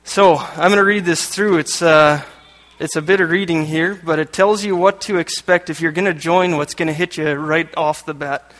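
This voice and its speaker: A man's voice: fairly high pitch, fairly even intonation, moderate pace, fairly bright tone. Light-voiced man preaching in an echoey hall. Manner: joking asides between read passages. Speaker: lay preacher. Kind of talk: sermon. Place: church hall. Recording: echoey hall with long reverb.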